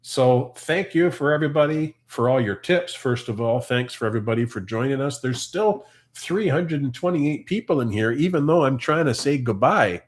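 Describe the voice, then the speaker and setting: Man, fifties, from Canada, livestream host, casual chatter, reads comments aloud, medium pitch. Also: expressive, moderate pace, few pauses.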